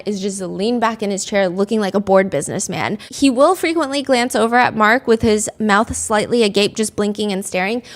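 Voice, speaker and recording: A woman hosting a podcast, retelling courtroom events in a casual, animated way with dry asides. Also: medium pitch. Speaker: podcast host. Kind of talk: casual true-crime storytelling.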